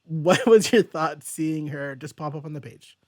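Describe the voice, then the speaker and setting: Male host, slightly high-pitched, rambling and thinking aloud in a casual comic book review, dry recording. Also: moderate pace, a little mellow, dry recording.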